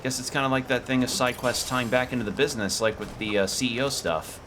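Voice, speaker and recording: A man casually commenting on a video game he is playing, relaxed and thinking aloud. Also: mid-range voice, fast, background noise. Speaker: gaming streamer. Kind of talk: casual let's play commentary. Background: faint game music.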